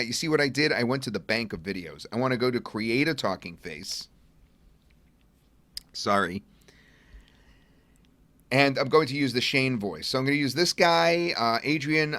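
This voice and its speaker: A middle-aged man at his computer walks viewers through a software demo in an easygoing, talkative way, thinking out loud as he goes. His voice sits at an average pitch and is recorded dry and close. Keys clack now and then in the background. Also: dry recording. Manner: chatty, thinks aloud while clicking. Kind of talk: casual webinar walkthrough. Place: at a computer desk.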